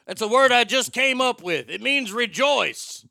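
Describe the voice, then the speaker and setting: A man putting on a brash, loud impression of a gangster-style Jesus, shouting and dragging his words out. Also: very high voice, expressive, a little slow, gravelly, dry recording, clean studio sound, voice pushed up, exaggerated voice. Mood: boisterous. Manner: shouting, boisterous, drawn out.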